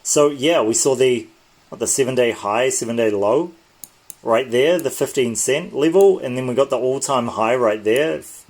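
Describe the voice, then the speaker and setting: A man of middling pitch hosts a casual livestream, walking viewers through trading charts. He sounds tired and talks loosely, often stopping to correct himself. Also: normal speed, darkish tone. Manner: chatty, loose, with frequent self-corrections. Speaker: crypto trading channel host.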